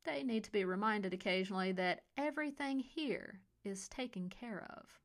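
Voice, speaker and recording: A woman's voice: mid-range voice, lively intonation, normal speed, close to an everyday voice. A woman voicing a cold, scheming male resort boss with a Californian accent, smug and detached. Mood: cool. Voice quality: icy, detached. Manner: smug, menacing, mocking. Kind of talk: audiobook character voice.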